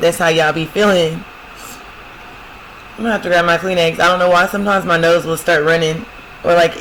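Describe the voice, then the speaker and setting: A woman gives a casual prophetic love reading with a bright, sharp, forceful tone. She speaks straight to her viewers, keeps saying "y'all" and "I'm telling you," and reads song lines aloud before explaining them. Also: fairly low pitch, slight background noise, poor audio. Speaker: spiritual love-reading host.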